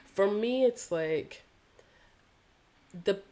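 A woman from the American South, a yoga practitioner appearing as a guest, tells a personal story in an interview. Her mid-range voice is mellow and expressive, and she speaks extremely slowly, earnest and reflective, with some casual swearing.

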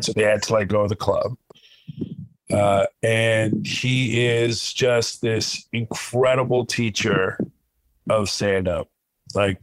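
A man from Kuwait tells stories as a guest comedian, animated and loose with plenty of "like" fillers. His voice sits fairly low. The sound is close and dry, with no room around it. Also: no echo, rough recording. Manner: animated, lots of "like" fillers, chuckles while talking. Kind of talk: conversational storytelling.

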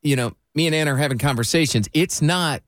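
A man's voice: on the high side, no echo, clean studio sound. A man with a slightly nasal voice, co-hosting a radio podcast in casual chat and agreeing readily. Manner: agreeable, fills in with quick yeahs. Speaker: radio co-host.

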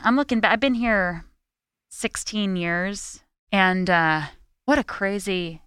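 A woman in her thirties, a guest comedian, chatting casually with animated, slangy talk. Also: mid-range voice, slow, clean tone, no room sound, clean studio sound. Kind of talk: casual chat.

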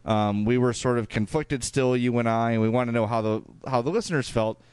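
A man with a Chicago accent co-hosts a hockey podcast in an easygoing, rambling way, dotted with fillers. His voice is smooth and resonant, and the sound is dry and close. He sits at a middle pitch. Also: brisk, darkish tone, no room sound. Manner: chatty, full of fillers and restarts. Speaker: podcast co-host. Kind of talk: casual chat, reading listener emails.

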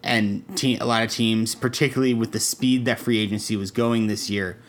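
Measured young man breaking down a deal. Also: on the low side, fairly even intonation, slight background noise. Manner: measured, analytical, with frequent ums and restarts. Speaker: podcast co-host. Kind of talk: casual sports podcast chat.

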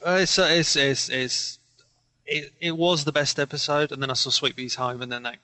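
A man's voice: on the high side, fairly even intonation, normal speed, background noise. A man co-hosting a podcast, chatting casually as a keen fan with a rambling, laughing manner. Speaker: podcast co-host.

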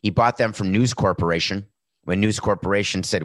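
A man's voice: on the low side, a little fast, fairly bright tone, dry recording. A middle-aged man hosting a sports talk show, giving a brash, sarcastic monologue with a tired, sore voice. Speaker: podcast host.

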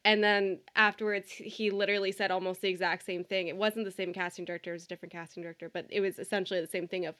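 A woman's voice: mid-range voice, little pitch movement, rapid-fire, hardly any pauses. A woman hosting a casual interview, reacting supportively and sharing her own audition story. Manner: warm, supportive reactions, laughs along. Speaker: interview host.

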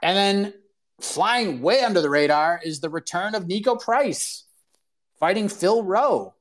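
A man hosting his own fight-sports podcast, talking in a casual, excited, rambling way with slang. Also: sits high, a little slow. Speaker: podcast host. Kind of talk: casual solo show talk.

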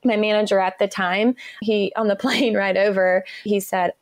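An upbeat woman talks quickly and warmly in a conversational interview, often breaking into laughter. Her voice sits at a middle pitch and is recorded dry and close, with no room sound around it. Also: fairly even intonation, dry recording. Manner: enthusiastic, chatty, laughs often. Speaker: interview guest.

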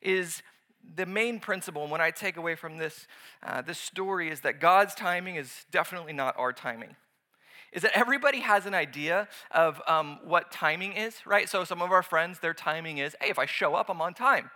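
A man preaching a sermon, lively and conversational, acting out voices when he tells stories. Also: on the high side, normal speed. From United States. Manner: animated, acts out voices in anecdotes. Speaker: pastor.

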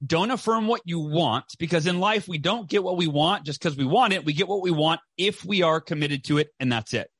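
A man's voice: on the high side, fairly bright tone, breathy edge, no echo. A man talking in an emphatic motivational way during a conversation, who often tags his points with "right?". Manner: emphatic, repeats "right?" often, quick bursts.

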